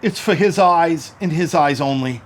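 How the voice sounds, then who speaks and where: A man's voice: on the high side, normal speed, close to an everyday voice. An actor playing a stern father who gives his son grave, commanding orders in a film drama. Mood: urgent. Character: stern, protective father facing danger.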